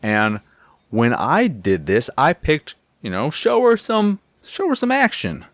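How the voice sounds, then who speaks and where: A man hosting a game review who rants in a sarcastic, profane and animated way. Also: fairly high pitch, a little slow, no room sound.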